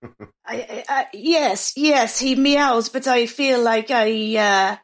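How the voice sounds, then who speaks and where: A woman playing a tabletop game in character, speaking hesitantly and haltingly. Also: on the high side. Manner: hesitant, faltering. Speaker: player.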